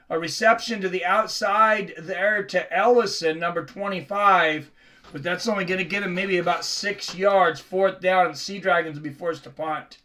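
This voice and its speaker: A man's voice: a little high, bright, forceful tone. A man from the Seattle area hosting a live sports reaction stream, chatting casually with viewers between plays.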